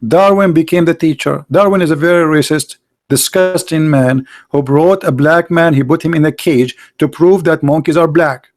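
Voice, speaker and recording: A man's voice: on the high side, normal speed. Emphatic, scornful man lecturing. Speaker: street debater. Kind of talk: argumentative monologue.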